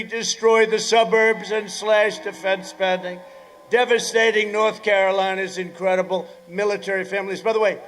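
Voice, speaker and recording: A man in his seventies speaks at a political rally, his voice sitting high for a man. He wanders into sarcastic asides, circles back and repeats himself, then suddenly shouts his lines out. A faint murmur of ambience sits behind him. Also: slight background noise. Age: 70s. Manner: bursts into shouting. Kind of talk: rally speech.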